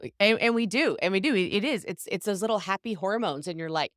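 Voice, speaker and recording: A woman's voice: medium pitch, lively intonation, fast talker, dry recording, studio quality. A woman hosting a podcast as a business coach, speaking in a reflective and encouraging way in casual conversation.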